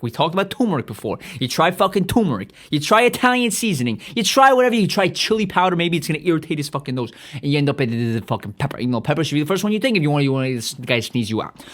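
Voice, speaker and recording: A man's voice: fairly high pitch, big pitch swings, fast, hardly any pauses, fairly bright tone. A man podcast host doing a rambling comedic monologue, swearing constantly and losing his train of thought.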